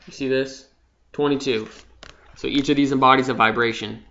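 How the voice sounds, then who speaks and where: A young man giving an impassioned, profane spiritual monologue, dropping from hushed to loud. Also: mid-range voice, steady tone, fairly quick. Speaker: vlogger. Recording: slightly dull lo-fi sound.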